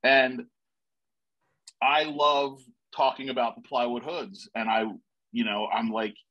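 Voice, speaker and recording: A man, a panel guest, telling a rambling, excitable story in a casual way with many restarts. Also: medium pitch, slow, highs cut off.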